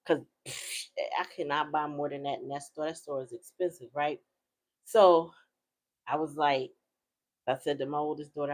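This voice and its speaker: A woman's voice: low voice, steady tone, normal speed, pauses often, darkish tone. A middle-aged woman, host of her own channel, chatting casually and telling a story in a slangy, laughing way. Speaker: tarot reader and channel host. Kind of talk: casual chat.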